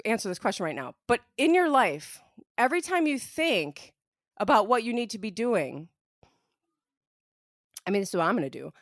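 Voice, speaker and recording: A woman's voice: on the high side, no echo, clean studio sound. A young woman co-hosting a casual podcast, telling stories in a chatty way with lots of fillers. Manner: chatty, lots of "like", animated storytelling. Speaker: podcast co-host.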